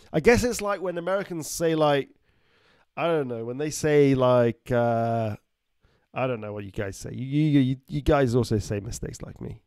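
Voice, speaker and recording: A man's voice: mid-range voice, unhurried, a little mellow, clear, resonant tone, dry recording. A man, a doctor hosting a casual live stream, reading out viewers' names and places and joking with the chat. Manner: reads out viewer names and greetings, jokey.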